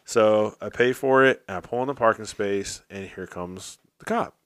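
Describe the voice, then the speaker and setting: A man co-hosting a podcast, his voice sitting a little low, dry and close to the mic with no room sound around it. He tells a story in easy, casual chat and jumps into the voices of the people in it as he goes. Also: normal speed, smooth, no room sound. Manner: animated storyteller acting out quoted dialogue. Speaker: podcast co-host.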